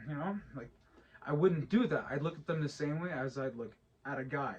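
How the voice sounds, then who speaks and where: A man's voice: fairly high pitch, fairly quick, dull audio. A man in his thirties co-hosting a casual podcast chat, rambling with lots of restarts and repeated words. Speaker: podcast co-host.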